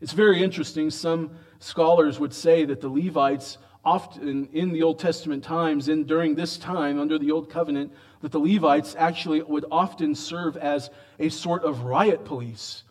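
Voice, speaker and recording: Preacher, male, fairly high-pitched, emphatic, big swings from loud to hushed. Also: fairly even intonation. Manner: emphatic, swings between loud raised lines and quiet low asides; drawn-out slow emphasis on quoted lines. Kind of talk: expository sermon.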